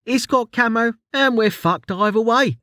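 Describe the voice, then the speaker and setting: A man's voice: extremely high pitch, unhurried, pushed and bright, dry recording, studio quality, voice pushed up, full character voice. A man voicing a blunt female adventurer who talks in coarse slang. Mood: gruff cheerful. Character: rough cheerful female adventurer.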